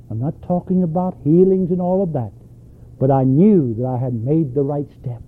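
A preacher delivers an emphatic sermon, often throwing questions back to his listeners. His voice sits high for a man. The recording is thin and tinny, like an old tape played down a phone line. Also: animated, moderate pace. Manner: emphatic, asks the congregation questions.

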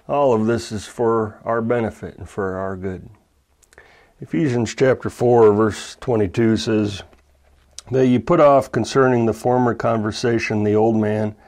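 Low-voiced man teaching the Bible. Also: darkish tone. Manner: measured, earnest preaching with stressed words. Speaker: pastor.

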